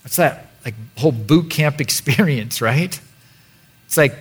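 A man preaching in a church, chatty and playful, slipping into quick mock voices to make his point. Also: a little high, lively intonation, husky. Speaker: pastor. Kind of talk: sermon.

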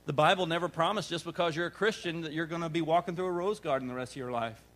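A man's voice: a little high, fast, fairly bright tone. A man preaching a sermon as pastor, emphatic and building with rhetorical questions.

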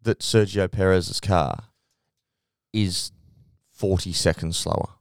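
A man co-hosting a casual sports podcast, telling stories with lively mimicry of team radio. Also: sits low, slow, creaky, clean tone, no room sound, clean studio sound. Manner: animated storytelling, mimics radio chatter. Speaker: podcast co-host.

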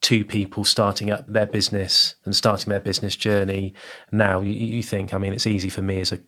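A man working in comms and marketing, giving measured, informative answers in a podcast interview. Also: fairly low pitch, flat delivery, pushed and bright.

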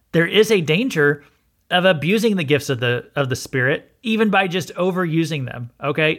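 A man delivers a relaxed, sermon-style Bible lesson, his voice sitting a little high. He talks to listeners directly and often stops to check they are following. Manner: conversational, frequent "okay?" check-ins. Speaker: pastor and podcast host.

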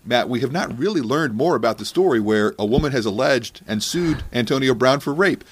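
A man's voice: medium pitch, animated, a little fast, slightly rough. Sarcastic man hosting a podcast. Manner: sarcastic, mocking. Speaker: podcast host. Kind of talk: comedic podcast commentary.

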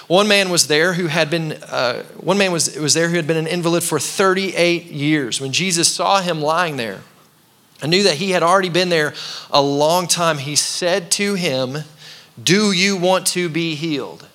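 A man's voice: on the high side, normal speed, bright, forceful tone. A man in his thirties, a pastor giving a casual, conversational sermon in a church and calling on the congregation to repeat words back. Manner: conversational preaching with call-and-response. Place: church sanctuary.

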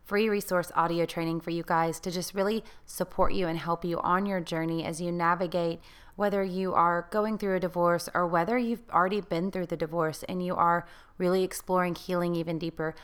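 Smooth-voiced woman coaching with earnest questions. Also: fairly low pitch, steady tone, brisk. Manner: earnest, coaxing, asks many questions. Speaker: divorce healing coach. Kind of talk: encouraging self-help talk.

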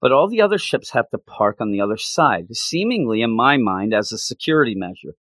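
Brief: lively male co-host, lots of laughter, pitch jumping around, dry mic. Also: brisk, no room sound. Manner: animated, laughs often, trails off and restarts. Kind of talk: casual chat.

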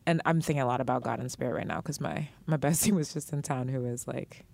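A woman's voice: very deep voice, quick pace, creaky, darkish tone, no room sound. A woman co-hosting a podcast in casual chat, heated and swearing freely, with frequent laughs. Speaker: podcast co-host.

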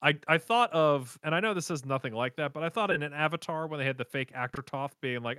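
A man co-hosting a casual podcast, animatedly retelling an anime plot with quick voice impressions and laughter. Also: fairly high pitch, pushed and bright, clean tone, dry recording, clean studio sound. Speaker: podcast co-host recapping an anime. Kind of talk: casual chat.

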